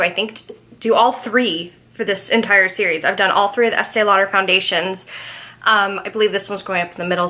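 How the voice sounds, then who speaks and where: A woman's voice: mid-range voice, bright, forceful tone. A woman reviewing a foundation in a casual beauty vlog, chatty and apologetic, with the hiccups. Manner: chatty, apologetic, reads labels aloud. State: has the hiccups. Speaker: beauty vlogger.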